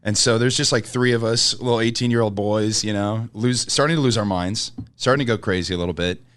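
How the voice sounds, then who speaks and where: A man's voice: fairly low pitch, fairly quick, smooth, no room sound. Comedian guy on a podcast, chatty storyteller, keeps cracking up as he talks. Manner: animated storyteller, laughing often mid-sentence. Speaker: comedian guest. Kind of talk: casual podcast chat.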